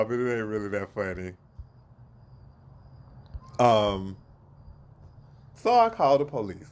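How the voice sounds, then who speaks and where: A man casually telling a story, animated, acting out quotes and laughing at himself. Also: fairly low pitch, unhurried, long pauses. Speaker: storyteller guest.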